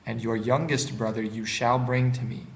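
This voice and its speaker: A man reading the part of a stern, powerful man who tests his brothers, in a measured, grave way. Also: medium pitch, steady tone, reverberant, natural voice, poor audio.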